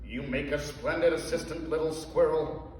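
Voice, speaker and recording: A man voicing a vain, theatrical American father with a rich, booming voice and a grand, self-important manner. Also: fairly even intonation, moderate pace, recorded from a distance, slight background noise, natural voice. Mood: grandly boastful. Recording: echoey hall, voice heard from afar.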